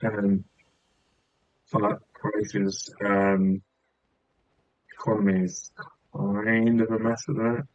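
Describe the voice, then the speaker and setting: A man's voice: on the low side, level tone, takes it slowly, long pauses, dry recording, lo-fi sound. A man from England with a southern English accent, chatting casually as a game streamer, rambling and dotting his talk with filler sounds. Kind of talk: rambling casual chat while gaming.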